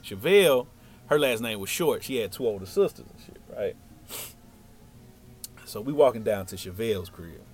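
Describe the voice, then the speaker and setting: A man's voice: on the low side, moderate pace, long pauses. A young man telling a funny personal story in casual slang, acting out every line of dialogue. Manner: animated, slangy, acts out dialogue.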